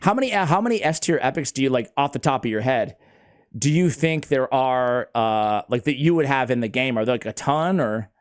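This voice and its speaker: A man hosting a casual gaming chat, excitable and laughing often, talking like he's with a buddy. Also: mid-range voice, a little fast. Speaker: host.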